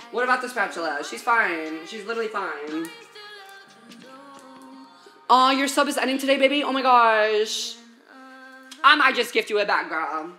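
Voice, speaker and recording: A woman's voice: medium pitch, pushed and bright. A woman live-streaming as she cooks, chatting casually and sassily with viewers, swearing a lot and calling them baby and girl. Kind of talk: casual live-stream chat while cooking. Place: home kitchen. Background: faint music.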